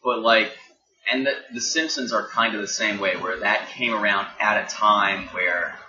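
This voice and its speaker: A man's voice: fairly low pitch, normal speed. A man hosting a casual podcast chat, wry and teasing as he asks his guest questions. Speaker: podcast host. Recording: roomy, dull, noisy home podcast recording.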